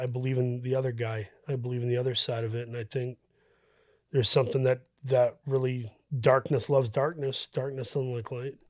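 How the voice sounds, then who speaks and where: Man, podcast guest, reflective, halting, medium pitch, dry studio sound. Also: a little mellow, dry recording. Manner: thoughtful, halting with fillers and restarts. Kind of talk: reflective casual conversation.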